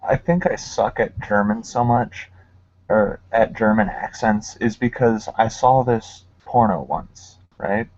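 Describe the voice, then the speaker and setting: A man's voice: fairly low pitch, a little slow, darkish tone, dry recording, muffled recording. A man in a casual chat, telling stories and laughing at himself. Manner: laughing, self-mocking storyteller.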